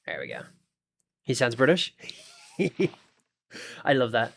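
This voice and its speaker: A man's voice: mid-range voice, wildly swooping pitch, slow, gravelly. An Australian man chatting casually on a live stream, thinking aloud and talking to his viewers as he sorts out his game. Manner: chatty, thinks aloud, talks to chat while fiddling with the game.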